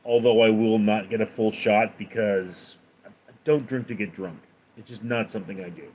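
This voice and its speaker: A man's voice: lowish voice, steady tone, moderate pace, a little mellow, husky. A man chatting casually on a livestream, answering viewers' questions in a rambling, hesitant way. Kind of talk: casual live chat.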